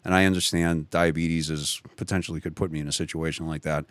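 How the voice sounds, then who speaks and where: A man's voice: a bass voice, level tone, quick pace, no echo. A man telling a personal story in a casual conversation, rambling, often restarting his sentences and chuckling as he goes. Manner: rambling, many restarts and self-corrections. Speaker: guest.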